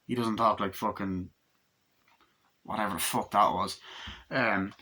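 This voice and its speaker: A man's voice: lowish voice, steady tone, a little slow, sharp tone. A young man giving a casual, rambling movie review, hyper and swearing a lot, slipping into silly voices for quotes.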